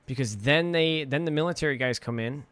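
A man's voice: on the high side, fairly quick, a bit bright, clear, resonant tone, dry recording. Laid-back man adding film trivia. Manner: laid-back, adds trivia and short agreements. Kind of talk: casual film recap chat.

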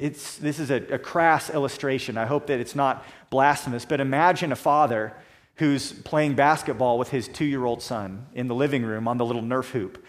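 A man preaching a sermon, measured and conversational, slowing down and dropping soft for emphasis, with homely illustrations. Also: a little high. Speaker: pastor.

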